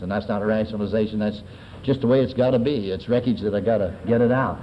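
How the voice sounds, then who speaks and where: An American man speaking at a recovery meeting, telling his story in folksy street slang and often clearing his throat. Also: lowish voice, quick pace, a little hiss or hum. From Southern California. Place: convention hall. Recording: dull lo-fi 1970s tape recording.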